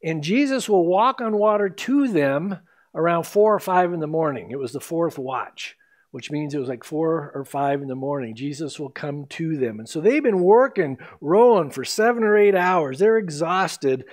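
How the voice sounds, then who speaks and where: A man with a high, light voice delivers an expository sermon from the pulpit. He walks the congregation through the passage in a lively storytelling way, acting out the voices of the people in the story. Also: moderate pace. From United States. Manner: animated storytelling, acts out quoted lines. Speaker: pastor.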